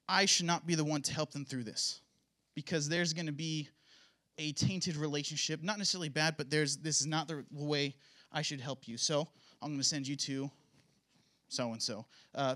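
A young man speaks at church about his upbringing, mixing earnest testimony with playful, self-mocking jokes. His voice sits a touch high and rings bright and clear. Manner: joking, self-mocking asides. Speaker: pastor's son giving a church talk. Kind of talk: casual sermon testimony.

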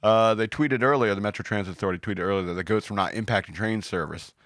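A man's voice: fairly low pitch, quick pace, a bit bright, no echo, clean studio sound. A man hosting a podcast in casual banter, rambling and joking about news stories. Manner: joking, rambling, puts on silly voices. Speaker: podcast host.

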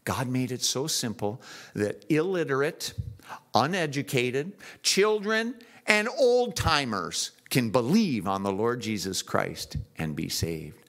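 Lively animated male preacher. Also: mid-range voice, takes it slowly. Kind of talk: sermon. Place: church.

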